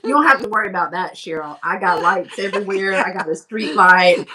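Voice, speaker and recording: A woman, telling animated stories in a casual chat and acting out what people said, laughing often. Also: mid-range voice, brisk, distant mic, crowd noise. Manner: animated, laughing storyteller who acts out quotes. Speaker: guest, fellow reseller.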